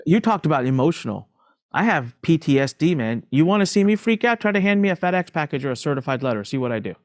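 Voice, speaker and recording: A middle-aged man, a podcast guest, telling his story candidly in an emphatic, animated way and repeating phrases for emphasis. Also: on the high side, fast, no room sound, studio quality.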